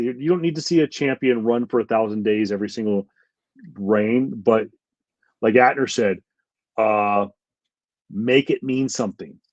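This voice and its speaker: A man's voice: medium pitch, a little mellow, no echo, highs cut off. A man co-hosting a podcast, giving rambling, heated opinions with lots of fillers. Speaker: podcast co-host. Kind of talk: casual chat.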